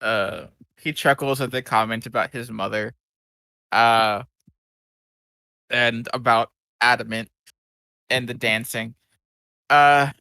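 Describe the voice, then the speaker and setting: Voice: mid-range voice, sharp tone, dry recording. A player in a tabletop game, hesitant with fillers. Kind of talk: casual tabletop game play.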